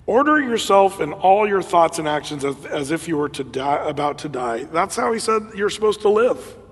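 A man preaching a sermon in a conversational, animated way, with laughs and fillers. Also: on the high side, normal speed, husky, in a large hall. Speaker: pastor.

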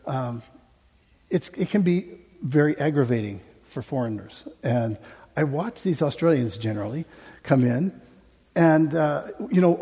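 A warm, fairly high-voiced American man gives a sermon at a stage microphone, full of funny anecdotes and frequent laughter. It was recorded in a hall with plenty of reverb.

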